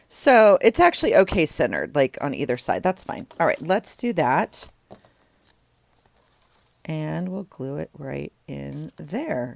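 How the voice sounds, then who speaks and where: Gravelly-voiced woman chatting while journaling. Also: a bass voice. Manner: chatty, rambling, self-deprecating asides. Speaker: journaling vlogger. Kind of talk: casual chat while crafting.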